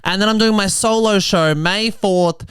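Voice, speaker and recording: Australian man in his twenties, smooth voice. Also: high voice, fairly bright tone, dry recording. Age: 20s. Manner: quick, chatty storytelling with asides. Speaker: podcast host and comedian. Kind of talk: comedic monologue turning to social commentary.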